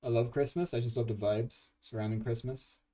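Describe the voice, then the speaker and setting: A young man hosting a casual livestream as a game composer, rambling and excitable, swearing often and restarting his sentences. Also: medium pitch, brisk, far from the mic.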